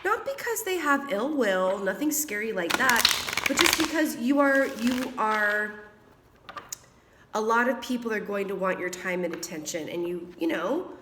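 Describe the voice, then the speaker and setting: A woman's voice: medium pitch, expressive, a little slow, background noise. A woman getting over a cold, giving a casual tarot reading in a chatty, affectionate way, laughing often and calling listeners darling. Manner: whispers while drawing cards. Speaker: tarot reader.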